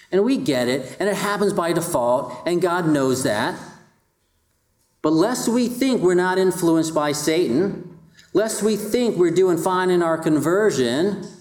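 A man's voice: a little high, reverberant. A man delivering a sermon in a conversational style and putting rhetorical questions to his congregation. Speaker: pastor.

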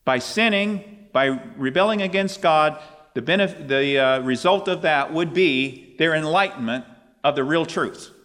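A man preaching a sermon, emphatic, his pitch climbing on questions and quoted scripture. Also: measured pace, a bit bright, big-room sound.

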